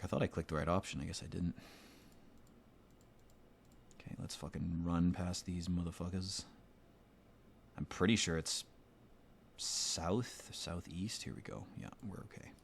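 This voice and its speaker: A man's voice: sits low, steady tone, unhurried, vocal fry, long pauses, a little hiss or hum. A man giving rambling, profane, sardonic commentary while playing a video game. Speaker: let's play commentator. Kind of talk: casual gameplay commentary.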